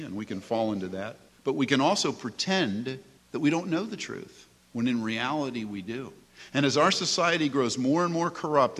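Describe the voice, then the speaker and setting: A man's voice: mid-range voice, a bit bright. Man preaching in an echoing hall. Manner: earnest, emphatic preaching, reading scripture aloud. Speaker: pastor. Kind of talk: sermon. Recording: long hall reverb.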